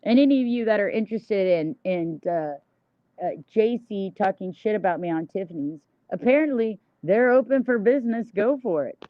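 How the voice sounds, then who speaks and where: A woman's voice: medium pitch, expressive, normal speed, dry recording. A woman livestreamer ranting in a blunt, heavily profane, indignant monologue. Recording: dull, dry lo-fi mic.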